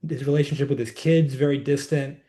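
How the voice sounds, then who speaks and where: A man, a guest healer and coach, telling client stories in a measured, reflective way in a podcast interview. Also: mid-range voice, fairly even intonation, warm tone.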